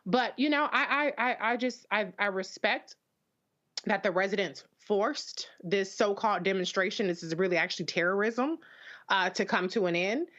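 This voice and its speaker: A woman's voice: mid-range voice, normal speed, fairly bright tone. A woman commissioner who speaks in a blunt, heated way, often stumbling over and repeating words before she gets going. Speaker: local commissioner. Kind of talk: live panel remarks. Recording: dull lo-fi remote audio.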